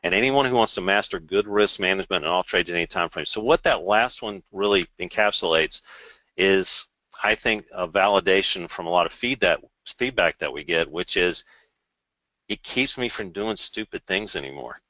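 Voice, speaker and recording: A man presenting a live trading webinar, explaining charts informally and turning to a sales pitch with dry sarcastic asides. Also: moderate pace, pushed and bright, no room sound, low-quality recording.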